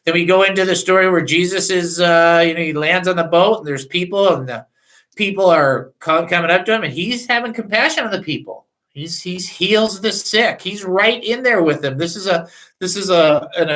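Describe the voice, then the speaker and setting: A man's voice: a little high, fairly bright tone, poor audio. A man hosting a radio show, teaching from the Bible in a candid, self-deprecating, chatty way.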